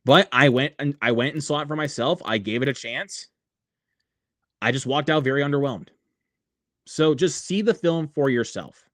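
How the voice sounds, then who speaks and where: A man hosts a laid-back livestream, rambling with plenty of fillers and reading viewers' comments out loud. His voice is mid-range with a fairly bright tone, delivered at a moderate pace in a clean studio recording with no room sound.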